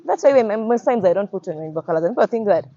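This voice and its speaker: A young activist with a Ugandan accent gives a personal testimony earnestly, often repeating her phrases and acting out quoted voices. Her mid-range voice is expressive and dark-toned, and she speaks rapid-fire. The audio is dry and slightly muffled.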